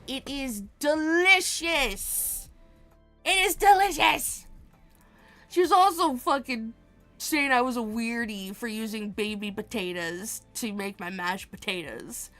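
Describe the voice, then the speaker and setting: A woman streamer in casual chat while gaming, animated and swearing freely as she rants. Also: on the high side.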